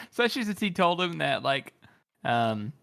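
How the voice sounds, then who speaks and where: A man's voice: fairly high pitch, very animated, a little slow, gravelly, bright, forceful tone. Easygoing man in a book chat. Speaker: podcast co-host. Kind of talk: casual book discussion.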